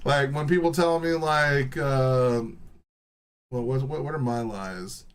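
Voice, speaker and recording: A man's voice: mid-range voice, unhurried, smooth. A young man giving a rambling, joking reaction commentary, swearing freely, laughing often and filling his talk with "bro" and "like.". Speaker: reaction streamer.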